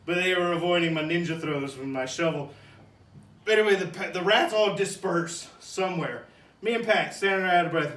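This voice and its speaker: A man telling a funny personal story in a loose, animated way, bursting into shouts and laughter as he acts it out. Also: sits high. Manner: animated, shouts and laughs while acting out the scene. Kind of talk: casual spoken anecdote. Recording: echoey room, distant mic.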